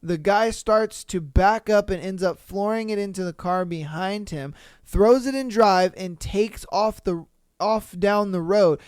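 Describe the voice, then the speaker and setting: A man hosting a podcast who reads listener stories aloud and reacts between them with loud, profane exclamations. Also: sits high, measured pace, clean tone, dry recording, studio quality. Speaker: podcast host.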